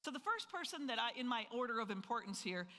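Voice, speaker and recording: A presenter from North Dakota leads a live financial seminar with an energetic, question-driven delivery. The voice has a bright, forward edge. It rings out with a long reverb tail in an event hall. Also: mid-range voice, fast. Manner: energetic, full of rhetorical questions to the audience.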